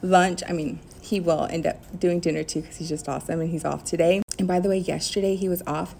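A woman's voice: lowish voice, fairly even intonation, brisk, gravelly, darkish tone. Young woman, bubbly teacher vlogger, chatty delivery, faint hiss under the phone audio. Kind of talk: casual chat to camera.

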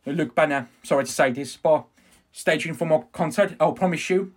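Husky, ranting man vlogger. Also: normal speed. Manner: ranting, swearing, swings from shouting to low mumbling. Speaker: fan reaction vlogger. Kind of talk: emotional reaction vlog.

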